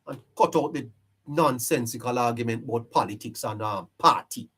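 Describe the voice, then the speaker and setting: A man's voice: medium pitch, moderate pace, fairly bright tone, slightly rough. A man hosting a live-stream political commentary, emphatic and preachy, repeating his phrases for effect. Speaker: live-stream show host.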